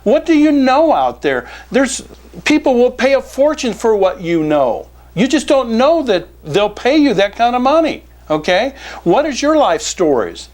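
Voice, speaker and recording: A man who is a business coach and author, giving a direct-to-camera sales pitch in a folksy manner, calling his listeners "folks" and hammering points with repetition. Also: big pitch swings, measured pace, a little mellow. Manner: folksy, keeps addressing "folks", emphatic repetition.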